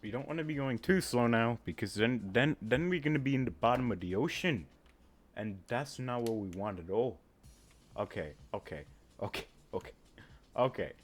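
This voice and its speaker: A man casually talking through a flight simulator game, thinking aloud with many pauses and filler words, and breaking into sudden excited outbursts. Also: mid-range voice. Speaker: flight sim gamer. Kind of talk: casual gameplay commentary.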